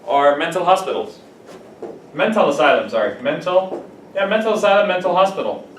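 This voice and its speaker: A man teaching English vocabulary to a class, animated and playful, acting out examples. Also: high-pitched, a little fast. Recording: echoey room from far off, faint noise.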